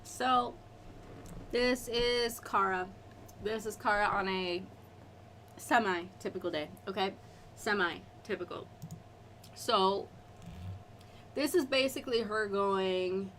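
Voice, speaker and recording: A woman's voice: medium pitch, slow pace, pauses often, a bit bright, slight background noise. A woman hosting a casual devotional live stream, chatty and rambling, with lots of filler asides. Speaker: host of a live Bible study show.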